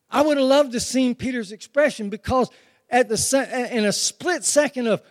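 A man preaching with a very high voice, the sound carried by a long hall reverb. He calls on the congregation to answer him and acts out scenes with swelling intensity. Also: moderate pace. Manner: call-and-response preaching, dramatic retelling. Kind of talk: sermon.

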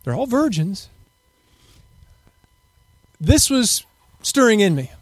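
A man's voice: high-pitched, very animated, takes it slowly, dry recording. A middle-aged man preaching a fervent sermon and leading prayer, rising to impassioned peaks and using Hebrew terms.

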